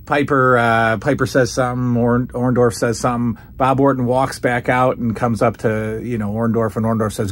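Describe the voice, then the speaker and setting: A man giving a casual, excitable review of old wrestling footage, breaking into loud quotes of what the wrestlers say. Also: mid-range voice, moderate pace, hardly any pauses. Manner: excited, acts out quoted lines loudly. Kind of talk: casual commentary over footage.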